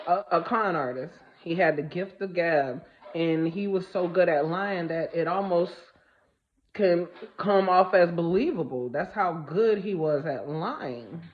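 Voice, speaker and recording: A woman's voice: lowish voice, a little slow, dull audio. A woman giving a casual spiritual vlog monologue, speaking bluntly and emphatically, repeating phrases for stress and swearing freely. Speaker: spiritual vlogger.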